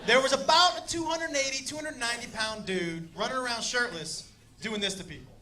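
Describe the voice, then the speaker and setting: A man telling a wild story in a stand-up set, animated and shouting punchlines while voicing the people in it. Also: very high voice, brisk. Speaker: stand-up comedian. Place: comedy club stage before a laughing audience. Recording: live club recording with crowd noise.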